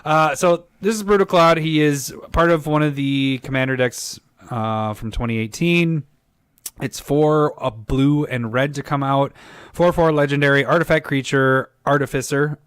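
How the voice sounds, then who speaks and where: A man's voice: a little high, normal speed, fairly bright tone, smooth, no echo, clean studio sound. A man co-hosting a podcast about a card game, talking casually, rambling and laughing often. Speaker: podcast co-host.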